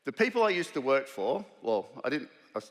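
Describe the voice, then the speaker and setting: A man's voice: mid-range voice, very animated, a little fast, a bit bright. An Australian man in his fifties giving a conference keynote, telling self-deprecating stories in a loose, conversational way. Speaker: keynote speaker. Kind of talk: conference keynote with humorous anecdotes. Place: large conference hall. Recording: reverberant hall.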